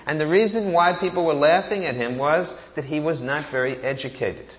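A man's voice: on the high side, a little fast. A man giving a sermon, reciting Sanskrit verses and asking rhetorical questions that he answers himself. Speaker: preacher.

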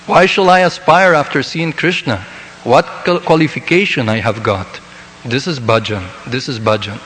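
A man's voice: mid-range voice, a bit bright. A man preaches with fervent emphasis, repeating his main points for weight. His middling voice rings with a long hall reverb, and faint ambient noise runs under it. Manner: emphatic, repeats key lines. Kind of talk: fervent recorded sermon.

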